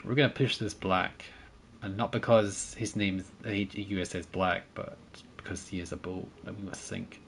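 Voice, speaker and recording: A man's voice: sits low, fairly even intonation, normal speed, vocal fry, slight background noise. A man streaming a naval battle game, chatting with his viewers and teammates, thanking supporters and laughing often as he plays. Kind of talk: casual gameplay commentary.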